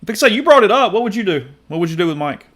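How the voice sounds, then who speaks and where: A male co-host talks fast in a casual sports chat. He keeps up teasing back-and-forth banter. His voice sits a little higher than most men's. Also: very animated, a bit bright.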